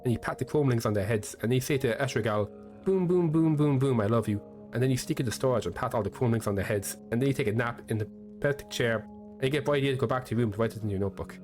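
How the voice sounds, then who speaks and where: A man's voice: mid-range voice, very fast, natural voice. A quirky young oddball from a fantasy video game rambles through strange little stories in a middling voice, read out by a man. Faint music plays underneath. The telling is whimsical and meandering.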